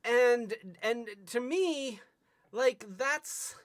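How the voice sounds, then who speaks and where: A medium-pitched livestream host speaks very slowly, with no echo, while casually reviewing toys. He rambles with stammering restarts and playful asides, bursting into silly sing-song jingles.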